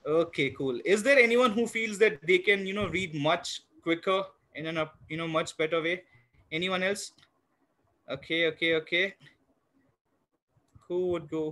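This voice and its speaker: Speaking into a computer mic on a video call, a man teaches a live online math class to young children, patiently encouraging them, counting parts aloud, and filling pauses with "you know." His voice is fairly high, bright, and forceful.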